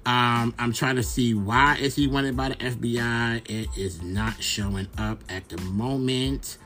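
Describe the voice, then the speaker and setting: A young podcast host from Brooklyn, New York, rambles through a casual gossip monologue packed with fillers and swearing. His mid-range voice is slightly bright, unhurried, and fairly even in intonation, with faint music in the background.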